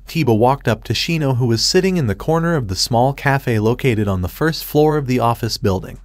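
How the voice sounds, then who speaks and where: A man reading a story aloud at a steady, even pace. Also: medium pitch, brisk, hardly any pauses, dry recording, studio quality. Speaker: fan fiction reader.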